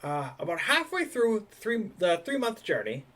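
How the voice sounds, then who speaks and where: Excitable old harbor official, folksy drawl, high and jumpy, a man doing the voice. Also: unhurried, heavily acted. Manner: drawling folksy dialect, stammering. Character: excitable older male dock official, folksy.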